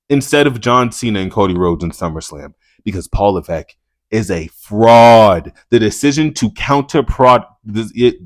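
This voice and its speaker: A male wrestling reviewer talking off the cuff in a plain, mid-pitched voice. He rambles, swears a lot and stumbles over his words when he gets worked up. The sound is close and dry, with no room around it. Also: dry recording. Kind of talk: casual profane commentary.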